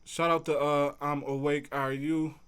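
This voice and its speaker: A man's voice: fairly high pitch, little pitch movement, measured pace, fairly bright tone, smooth. A man hosting a casual livestream, answering chat in a laid-back, conversational way. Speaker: livestream host reading chat.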